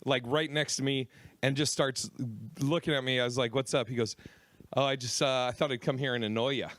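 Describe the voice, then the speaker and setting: A male comedian hosting a podcast, telling a profane story in a casual, animated way. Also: medium pitch, brisk. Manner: profane, animated when retelling his own shouting. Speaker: host, comedian.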